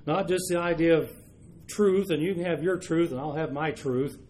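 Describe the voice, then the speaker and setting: Male preacher, slightly higher voice, measured delivery that slows for emphasis on scripture. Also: darkish tone, a little hiss or hum. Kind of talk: sermon reading and explaining scripture.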